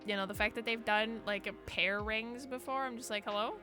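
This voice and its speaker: A woman's voice: fairly high pitch, steady tone, a little fast. A woman streamer reading fan fiction aloud on a desk microphone, gushing, giggly and swearing freely between passages. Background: faint background music.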